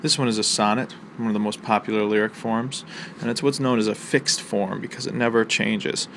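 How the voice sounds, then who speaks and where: Gravelly-voiced man lecturing on poetry. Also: fairly low pitch, a little fast, slight background noise. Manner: explanatory, relaxed, with frequent ums and uhs. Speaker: college English instructor.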